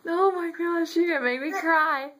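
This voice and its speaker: A woman's voice: extremely high pitch, moderate pace, a bit bright, a little hiss or hum. A young woman filming her baby on a phone at home, coaxing him in playful, sing-song baby talk.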